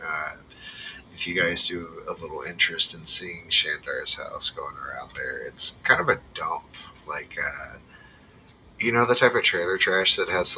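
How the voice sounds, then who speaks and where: A man's voice: sits low, unhurried. A man running a tabletop game, describing scenes casually with lots of fillers. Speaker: game master. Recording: distant mic, faint noise.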